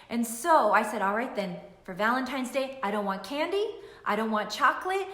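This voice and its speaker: A middle-aged woman, a nutritionist, telling an emotional personal story to camera in an animated way, repeating phrases for emphasis. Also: on the high side, moderate pace. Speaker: nutritionist and weight-loss coach. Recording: echoey room.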